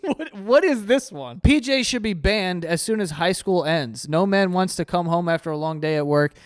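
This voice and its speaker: Man, 30s, host reacting to dating tips, crude joker, clear tone. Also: high-pitched, animated, normal speed. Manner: loose, crude, joking, laughs often, mock voices. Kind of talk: casual reaction commentary.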